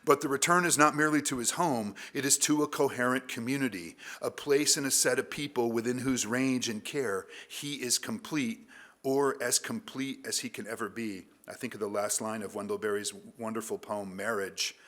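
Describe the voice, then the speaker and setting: A man's voice: mid-range voice, a bit bright. Man reading a literature paper. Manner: measured academic reading, with asides. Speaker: literature professor.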